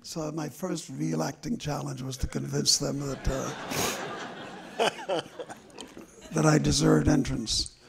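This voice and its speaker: An older man, a memoir author, telling stories from his life slowly and reflectively at a live talk on stage. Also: on the high side, fairly even intonation, creaky, background noise. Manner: slow and reflective, with drawn-out pauses. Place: stage event before an audience.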